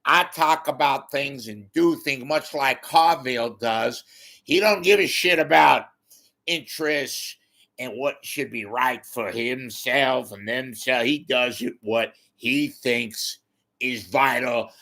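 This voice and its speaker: A man impersonating a blunt, profane male political strategist who rants in shouting bursts. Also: mid-range voice, takes it slowly, heavily acted. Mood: blunt ranting.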